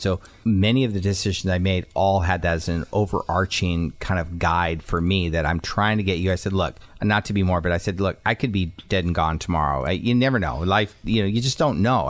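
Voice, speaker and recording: A man in his forties co-hosting a talk show, telling family stories with lively acted-out voices. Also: low-pitched, no room sound. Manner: animated storyteller who acts out family voices. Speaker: co-host. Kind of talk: casual talk show storytelling.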